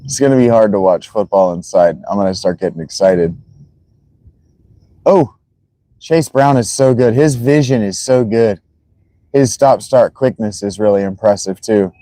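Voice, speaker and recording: A man's voice: lowish voice, normal speed, mellow, no echo. A man streaming live as he watches football, chatting casually and greeting viewers by name.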